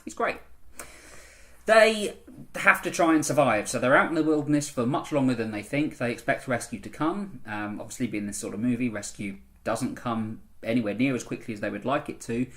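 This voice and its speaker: A man's voice: mid-range voice, a little fast, fairly bright tone. A man in a casual vlog, ranting and reviewing a film in a chatty, rambling way with frequent ums.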